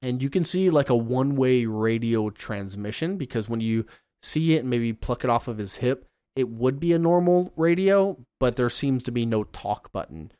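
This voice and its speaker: A man's voice: medium pitch, moderate pace, clean tone, dry recording, clean studio sound. A man running a tabletop game as game master, describing scenes and calling for rolls. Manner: descriptive, relaxed, rolls of dice.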